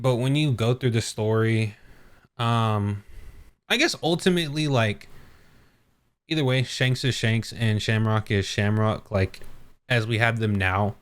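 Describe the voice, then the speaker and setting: A man hosting a podcast in a casual chat, animated and acting out characters' lines in quick bursts. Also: medium pitch, smooth. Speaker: podcast host.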